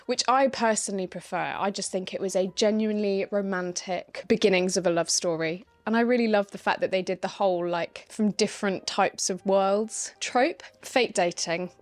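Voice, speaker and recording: A woman's voice: fairly low pitch, moderate pace, few pauses. A young woman chatting casually in a reading vlog, ranting in an exasperated way and asking rhetorical questions. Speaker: book vlogger.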